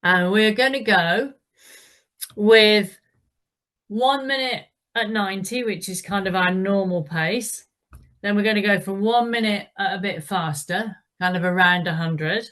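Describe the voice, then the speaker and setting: A woman's voice: mid-range voice, measured pace, a bit bright. A woman leading an indoor cycling class, giving encouraging instructions and calling out the pedaling rhythm.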